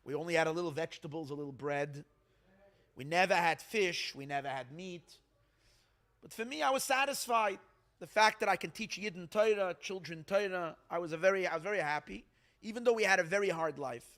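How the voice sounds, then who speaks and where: A man's voice: high-pitched, a little fast, fairly bright tone. A man voicing the ghost of a poor young teacher who tells his own story in an earnest, heartfelt way. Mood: wistful. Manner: heartfelt, earnest first-person telling.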